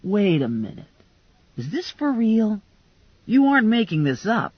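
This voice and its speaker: A woman putting on a gruff, teasing male cop. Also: medium pitch, sing-song, a little slow, no room sound. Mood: exasperated. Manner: blunt, teasing, exasperated. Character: gruff wisecracking male cop, lower-voiced. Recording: dull lo-fi dry recording.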